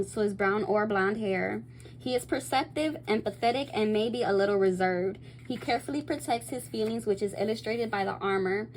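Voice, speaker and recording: Woman tarot reader, casual vlog delivery, mid-range voice, excitable and foul-mouthed. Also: medium pitch, a little hiss or hum, poor audio. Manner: chatty, bursts into excited squeals, swears freely; reads card meanings aloud between loose slangy asides. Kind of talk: casual tarot reading to camera.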